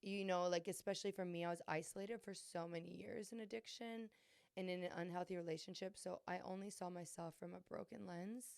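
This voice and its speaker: Young woman podcast host, low gravelly voice, dry close sound, rambling and earnest. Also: steady tone, brisk, a little mellow, no room sound. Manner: earnest, rambling, many fillers and restarts. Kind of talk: candid confessional chat.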